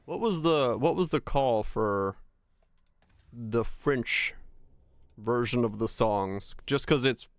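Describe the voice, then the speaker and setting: A young man streams a game, speaking slowly in a mid-range voice with frequent pauses. He chats casually with his viewers and swears freely as he plays. There's no room sound.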